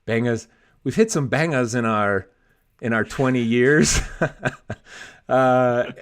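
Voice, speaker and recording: A man's voice: fairly low pitch, clear, resonant tone. Upbeat, jokey male podcast host. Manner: upbeat, jokey, laughs often. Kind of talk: casual business podcast chat.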